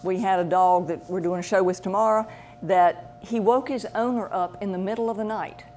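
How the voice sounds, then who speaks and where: Woman, animal medium, casual anecdotal talk, lively and chatty, mid-range voice. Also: mid-range voice, normal speed, soft background music. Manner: chatty, animated, acts out voices in her stories.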